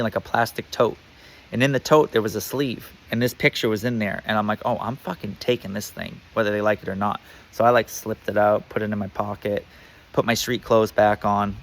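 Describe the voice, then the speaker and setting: Casual low-voiced man spinning a story. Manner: rambling, filler-heavy, swears freely. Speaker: tattoo artist telling a personal story.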